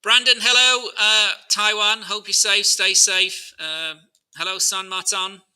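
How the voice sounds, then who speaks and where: A man's voice: high-pitched, a little slow, clean tone, low-quality recording. A man hosting a live market analysis stream, chatting informally and answering viewer questions as he talks through charts. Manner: many fillers and restarts, relaxed and informal.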